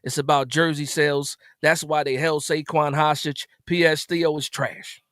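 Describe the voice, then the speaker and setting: A man hosts a live stream with an exasperated, animated rant, his fairly high voice jumping suddenly louder as he repeats his points. He talks close into the mic in a dry room with no echo. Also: normal speed. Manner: exasperated, repeats himself, sudden loud jumps. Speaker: live stream host reacting to a game. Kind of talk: animated post-game rant.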